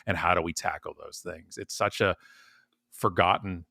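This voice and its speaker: A man guest in a podcast interview, telling stories in an animated, emphatic way and repeating words when he gets worked up. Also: deep voice, a little fast, gravelly, no room sound, clean studio sound. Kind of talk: conversational interview. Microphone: podcast mic at home.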